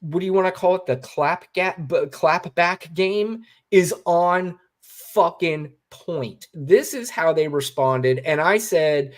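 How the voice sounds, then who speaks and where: A man co-hosts a casual political talk show in a blunt manner. He swears freely and reads quotes aloud. His voice sits a little high for a man. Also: takes it slowly. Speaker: co-host.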